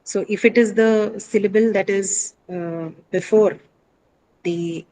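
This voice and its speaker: A woman's voice: mid-range voice, fairly even intonation, slow pace, dark tone, rough recording. A woman teacher lecturing a class, explaining step by step with frequent fillers and tag questions. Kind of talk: classroom lecture on word stress.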